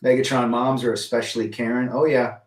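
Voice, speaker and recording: This middle-aged livestream host talks fairly quickly in a medium pitch that barely rises or falls. He's reading chat on a casual stream, naming viewers as he greets them and giving frank takes. The audio is echoey, captured by a far-off microphone.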